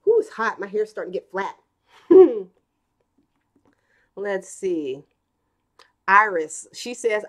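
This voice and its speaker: A woman's voice: medium pitch, very animated, slow, long pauses. A woman in her thirties hosting a live stream in a casual, chatty way, reading comments and telling stories with acted quotes. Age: 30s.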